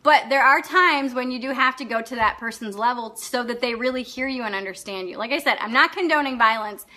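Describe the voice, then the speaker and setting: Leading a live online coaching class, a woman with a high, bright voice speaks off the cuff and bluntly, a little fast. She swears freely and laughs often while responding to viewers' comments.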